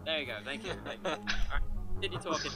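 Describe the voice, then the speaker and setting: A man's voice: on the high side, fast, music in the background. A male commentator chatting casually, teasing and ordering the others around. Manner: teasing, bossy.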